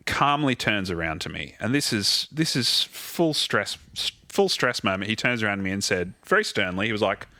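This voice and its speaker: A man, a theatre musical director, telling animated anecdotes as a guest in a casual interview and swearing freely. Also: on the low side, no room sound, clean studio sound.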